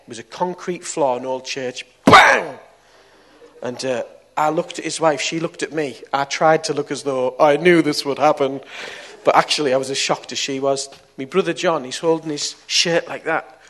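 Preacher telling a testimony. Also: male voice, fairly high pitch. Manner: storytelling, swings from soft to loud. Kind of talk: testimony sermon.

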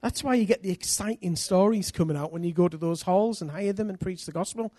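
A middle-aged man from England, preaching a sermon full of personal stories, energetic and self-deprecating with bursts of loud emphasis. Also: high voice, brisk, no room sound, clean studio sound.

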